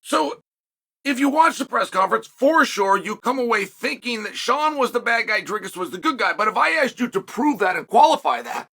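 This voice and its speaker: Male host, solo commentary, forceful and repetitive for emphasis, bright tone. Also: very high-pitched, lively intonation, normal speed, slightly rough. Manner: emphatic, builds points through repetition.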